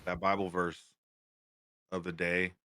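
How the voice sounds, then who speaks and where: A man's voice: low-pitched, flat delivery, unhurried, bright, forceful tone. A man co-hosting a podcast, chatting casually and cracking crude jokes. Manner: crude joker, interjects. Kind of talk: casual chat.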